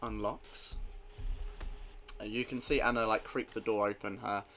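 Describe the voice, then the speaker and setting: A man's voice: on the low side, level tone, a little slow, fairly bright tone, faint music behind. A man narrating as game master of a tabletop role-play, hesitant and full of fillers.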